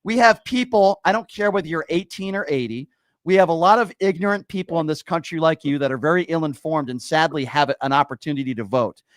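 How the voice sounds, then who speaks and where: A man's voice: a little high, brisk, no room sound. A man hosting a call-in political talk show, combative and sarcastic, insulting his callers.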